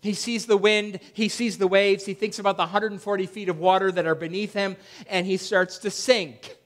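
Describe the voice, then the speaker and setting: A male pastor preaching a conversational sermon, acting out quoted lines with a raised, louder voice. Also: steady tone, moderate pace. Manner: conversational preaching, acts out quoted voices with rising pitch and loudness. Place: church.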